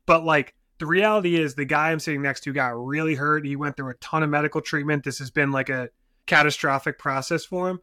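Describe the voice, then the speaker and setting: A man's voice: a little high, fairly even intonation, sharp tone, no echo. A man with a New Jersey accent, an injury lawyer co-hosting a podcast, talking in rambling casual chat full of fillers. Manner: rambling, filler-heavy, quick mimicry.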